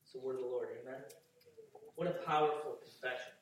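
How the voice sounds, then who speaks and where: A man's voice: mid-range voice, fairly even intonation, brisk. A man preaching a sermon, reading scripture and then building to fervent emphasis with repeated phrases. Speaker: pastor. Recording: echoey hall, distant mic.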